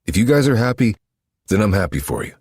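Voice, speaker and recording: A man's voice: on the low side, sing-song, fast, a little mellow, husky, no room sound, studio quality, voice pushed up. A man voicing an earnest younger brother. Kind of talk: audiobook narration.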